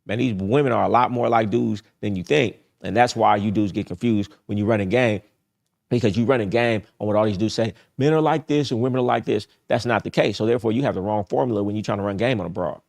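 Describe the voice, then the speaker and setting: A man's voice: lowish voice, quick pace, creaky, darkish tone. A middle-aged man hosting a dating-advice livestream, talking casually in a blunt, profane, repetitive streetwise way.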